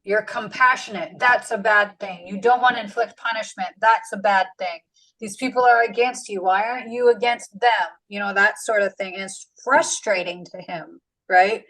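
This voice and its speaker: A woman's voice: mid-range voice, normal speed, a bit bright, low-quality recording. A woman leading a casual Bible study, chatty and slangy, with frequent fillers as she explains.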